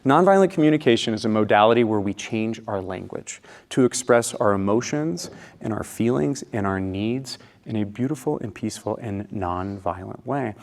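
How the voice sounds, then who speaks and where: A man of middle pitch tells stories from a stage to a live audience. He is animated, acting out little scenes and coaxing the crowd along. His voice carries a long hall reverb. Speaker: conference speaker. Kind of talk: storytelling talk to a live audience. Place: conference hall.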